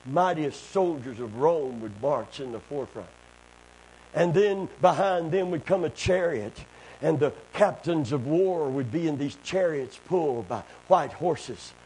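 A man preaching a sermon, calling for amens and building up to shouting. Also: fairly high pitch, lively intonation, a little slow. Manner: call-and-response, building to shouting.

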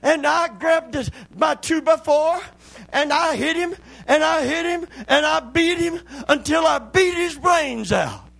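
A high, piping little boy's voice, breathless and frantic, tumbling his words over each other. He cries out loud and high, far above a grown man's register. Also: unhurried, vocal fry, exaggerated voice. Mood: excited. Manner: frantic, repeating himself in a rush. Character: breathless excited little boy.

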